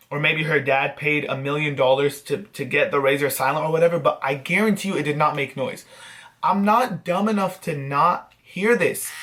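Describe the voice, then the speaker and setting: A man vlogging, telling a story to camera in a casual, animated, self-mocking way and swearing freely. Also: a little high. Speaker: vlogger host.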